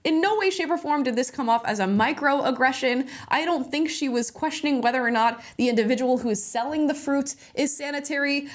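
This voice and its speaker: A woman hosting casual reaction commentary, sarcastic and opinionated, breaking into laughs often. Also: sits high. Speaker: host reacting to videos.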